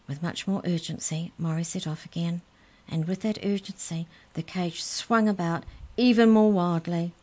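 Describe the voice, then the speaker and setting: A woman reading a children's story aloud in a clear, gentle storytelling manner. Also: fairly low pitch, fairly even intonation, moderate pace.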